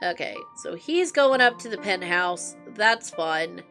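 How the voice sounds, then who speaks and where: A woman's voice: fairly low pitch, expressive, unhurried, vocal fry, fairly bright tone. Woman streamer, amused and chatty over game music. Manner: chatty, amused, laughs often. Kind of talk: live game playthrough, reading dialogue aloud.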